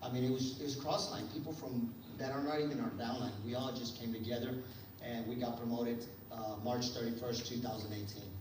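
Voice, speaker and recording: A man giving an energetic motivational talk to an audience at a sales event, telling stories with lots of fillers. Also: medium pitch. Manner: energetic storytelling, many fillers. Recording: echoey hall, distant mic, noisy.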